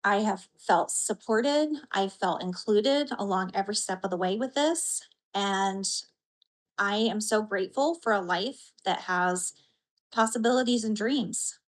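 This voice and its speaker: A woman from Idaho, a patient giving an earnest, heartfelt personal account in an interview, pausing with soft fillers. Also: mid-range voice, rough recording. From Idaho, USA.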